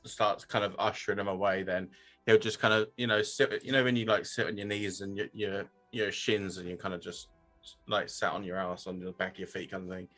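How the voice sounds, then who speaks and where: Low, bright-toned man playing a tabletop game. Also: flat delivery, fairly quick, soft background music. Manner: casual, eager, describing his character's actions. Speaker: player.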